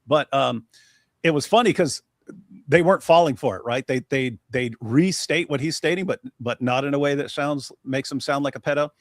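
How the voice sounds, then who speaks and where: A man's voice: mid-range voice, moderate pace, no echo, studio quality. A man from the United States hosting a casual live-stream, talking in a blunt, mocking way. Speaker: host.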